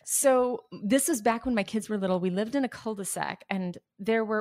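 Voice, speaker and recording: A middle-aged woman co-hosting a faith podcast, telling a family story in an animated way, acting out quotes and laughing. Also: mid-range voice, no echo, studio quality. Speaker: podcast co-host.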